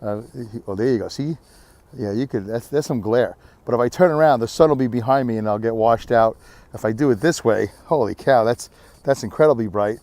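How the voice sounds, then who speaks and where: A man's voice: mid-range voice, a little fast, darkish tone, dry recording. Tired middle-aged man vlogging outdoors. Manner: rambling, candid, self-deprecating. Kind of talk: casual outdoor vlog. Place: windy beach outdoors.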